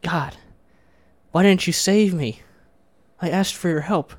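A man's voice: fast talker, smooth, close to an everyday voice. A man voicing a panicking rabbi in a told joke, pleading in a raised voice. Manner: pleading, higher-pitched put-on voice.

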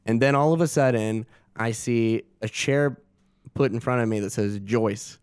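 Man telling a lively anecdote. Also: medium pitch, normal speed, smooth, no room sound, studio quality. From Augusta. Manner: animated, laughing, acts out quotes. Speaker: guest actor. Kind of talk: casual storytelling.

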